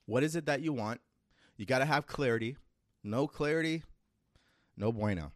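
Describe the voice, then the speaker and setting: Here a man hosting a self-improvement show speaks at medium pitch and a moderate pace, voicing a nagging inner critic during a forceful, question-filled pep talk. It's studio-quality audio with no room sound.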